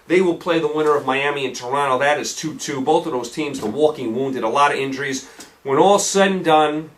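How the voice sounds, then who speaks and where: A man's voice: on the high side, distant mic. A man hosting a solo sports talk show, ranting in an exasperated way and firing off rhetorical questions.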